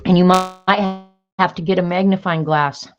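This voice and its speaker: A woman with a low-ish voice reads sassy one-liners aloud in a chatty home video, laughing a little between them. The sound is dull and lo-fi, as if from a camera or phone mic. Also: fairly even intonation, moderate pace, over music. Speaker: crafter sharing sayings on video. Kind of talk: casual reading of sassy sayings to camera.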